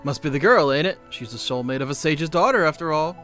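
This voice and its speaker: Cheeky fairy sidekick: slangy, brash, lively pitch, game scene. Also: male voice, fast, faint music behind. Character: chatty cheeky little male fairy sidekick. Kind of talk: video game voice acting.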